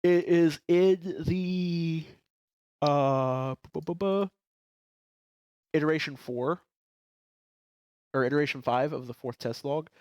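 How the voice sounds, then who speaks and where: A man's voice: on the high side, takes it slowly, long pauses, a little mellow, clean tone, dry recording, highs cut off. A congested man co-hosting a podcast, chatting casually and reading documents aloud with some stumbles and restarts. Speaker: podcast co-host. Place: his apartment.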